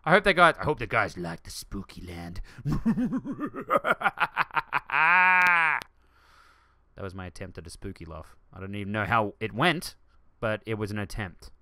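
Lively, bright-voiced man gaming. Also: on the low side, fairly quick, no echo, clean studio sound. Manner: excitable, rambling, jumps to shouts. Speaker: let's play host. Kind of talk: gaming commentary.

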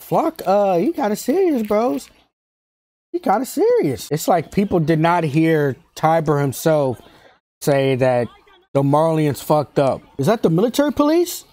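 A man hosting an anime reaction video, talking in excited, slangy casual commentary, laughing often and repeating himself. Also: fairly high pitch, slow, long pauses. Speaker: anime reaction channel host.

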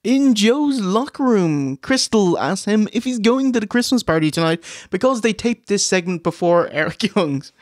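A man co-hosting a casual review show, reading out match recaps with deadpan jokes. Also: sits high, moderate pace, few pauses, dry recording. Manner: reads play-by-play recaps with dry jokes.

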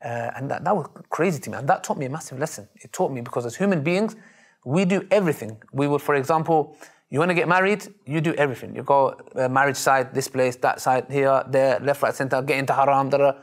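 A man, telling stories in an interview in a lively, emphatic way and acting out the voices he quotes. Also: mid-range voice, quick pace. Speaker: Muslim preacher interviewed. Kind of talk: animated storytelling in an interview.

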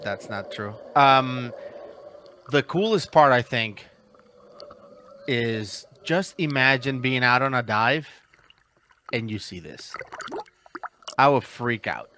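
A man's voice: medium pitch, animated, slow pace, pauses often, sharp tone, a little hiss or hum. A man hosting a casual reaction video, dry and exasperated with his co-host.

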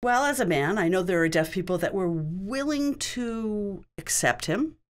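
A woman's voice: mid-range voice, animated, unhurried. A woman working as a sign language interpreter, voicing a signed question-and-answer session in a conversational, explanatory way, in short spoken phrases.

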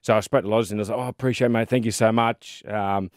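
Rapid-fire and lowish in pitch, an Australian podcast co-host in his thirties recounts rugby league stories from his playing days. It's an easygoing chat thick with fillers and "mate," delivered with animated flair. The studio recording is clean with no echo.

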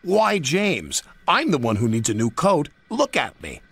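A man's voice: fairly high pitch, wildly swooping pitch, a little slow, gravelly, fairly bright tone, husky, voice pushed up, exaggerated voice. A man voicing a small, cheeky male tank engine who talks in a plucky, indignant way. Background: music.

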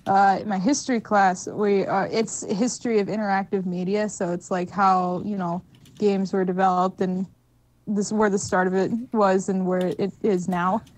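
A woman chatting casually on a gaming stream, jokey and quick to laugh. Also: medium pitch, level tone, darkish tone, rough recording. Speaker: stream co-host.

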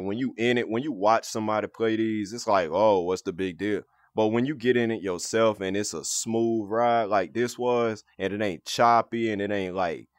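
Excitable, slangy man gaming in VR. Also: fairly low pitch, no room sound, studio quality. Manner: excitable, slangy, swears freely. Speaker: VR gaming video host. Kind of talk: casual gameplay commentary. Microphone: VR headset setup.

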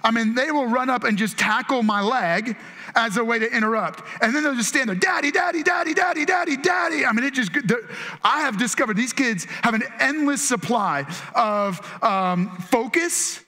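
A man's voice: very high-pitched, moderate pace, sharp tone. A man in his thirties preaching a conversational sermon as pastor, acting out quotes in changing voices.

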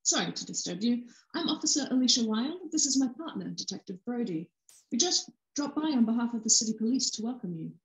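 A woman author voicing a bright, friendly young policewoman in a book reading. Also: fairly high pitch, animated, fairly quick, voice pushed up. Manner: cheerful and chatty, later snapping angrily. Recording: roomy echo.

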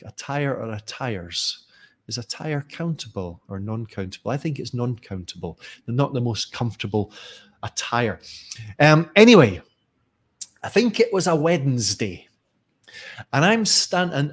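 A middle-aged Scottish man telling a personal story in a chatty, self-correcting way during a live stream, pausing to read viewer comments. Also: mid-range voice. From Scotland. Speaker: teacher trainer.

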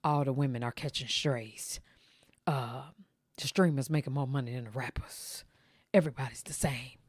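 Sassy low-voiced woman host. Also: steady tone, a little mellow, husky, dry recording, clean studio sound. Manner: sassy, drawn-out asides. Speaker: gossip show host. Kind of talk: casual commentary.

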